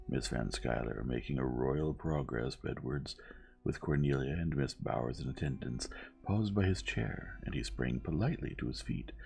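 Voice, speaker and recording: A man narrating a story in a slow, gentle reading voice. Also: very deep voice, vocal fry, slightly rough. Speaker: audiobook reader. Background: soft music.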